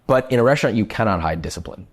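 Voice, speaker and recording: A chef telling a kitchen story in casual, animated talk, swearing freely and using lots of fillers. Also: male voice, fairly low pitch, very fast, husky.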